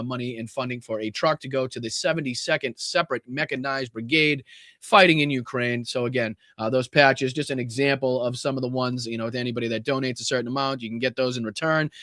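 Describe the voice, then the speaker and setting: A man's voice: mid-range voice, a bit bright, no echo, studio quality. Rambling Boston man hosting a livestream. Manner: rambling, blunt, profane, many fillers. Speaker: podcast host. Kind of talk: casual livestream talk.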